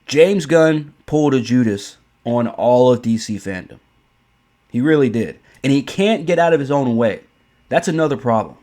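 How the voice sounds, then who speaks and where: A man delivers an opinionated commentary rant in an ordinary, mid-pitched voice. He is blunt and profane, circling back over his points and stumbling through restarts. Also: animated, moderate pace, darkish tone. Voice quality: blunt, profane, repeats himself. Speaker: commentary host.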